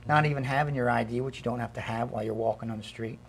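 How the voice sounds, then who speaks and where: A man's voice: mid-range voice, steady tone, rapid-fire, creaky, slight background noise. A male police chief on a talk show, explaining stop procedure and acting out exchanges between officers and citizens.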